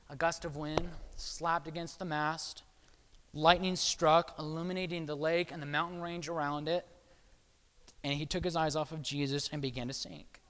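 A long reverb tail follows this fairly high-pitched male preacher. Keeping his sermon conversational, he keeps pausing to check in with listeners, frequently asking "okay?"

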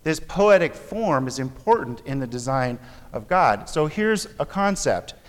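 A man's voice: mid-range voice, sing-song, a little slow. An American man giving a Bible class lecture, earnest and discursive, often correcting himself mid-sentence. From United States. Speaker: Bible teacher. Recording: long hall reverb.

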